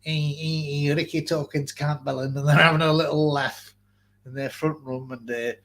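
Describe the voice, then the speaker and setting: A man's voice: a little high, level tone, normal speed, fairly bright tone. A man hosting a boxing channel, rambling and swearing through a casual live-stream rant. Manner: rambling, profane, restarts sentences often.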